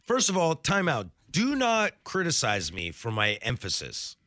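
Playful radio host, crisp bright delivery. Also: male voice, a little high, huge pitch swings, measured pace, no echo, clean studio sound. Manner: playful, theatrical, overenunciates consonants. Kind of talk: bantering sports radio chat.

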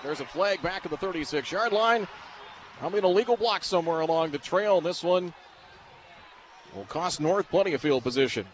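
Excitable radio play-by-play man. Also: on the high side. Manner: rapid play calls, rising to shouts on big plays. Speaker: play-by-play announcer. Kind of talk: radio sports commentary. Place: stadium broadcast booth. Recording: radio broadcast with steady noise.

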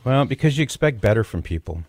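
A man hosting a call-in radio talk show, speaking in a measured, conversational way with occasional dry jokes. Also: medium pitch, very animated, a little mellow, no room sound.

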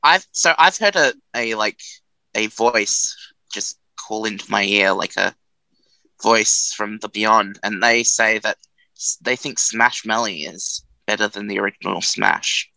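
A man's voice: lowish voice, unhurried, vocal fry, bright, forceful tone, dry recording, poor audio. A man co-hosting a community radio show, chatting casually in a rambling, self-mocking way and laughing at his own jokes.

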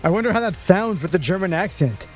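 Male radio co-host, wry and teasing, notably high voice, faint music bed underneath. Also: lively intonation, fast. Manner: wry, teasing, sets up topics. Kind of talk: casual sports talk.

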